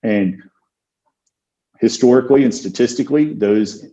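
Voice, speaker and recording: A man who is a criminal defense attorney, talking through an interview in a measured, thoughtful way with many ums and uhs. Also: medium pitch, mellow. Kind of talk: casual interview talk. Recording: dull lo-fi sound.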